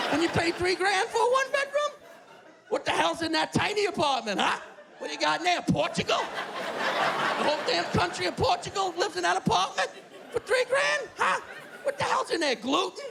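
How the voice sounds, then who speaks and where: A comedian playing an old retired New Yorker who rants loudly about rent. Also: male voice, very high voice, creaky, background noise, heavily acted. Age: older. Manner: shouting, outraged ranting. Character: old-timey retired male New Yorker, loud and indignant. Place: apartment with live audience. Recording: live apartment crowd. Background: small audience laughing.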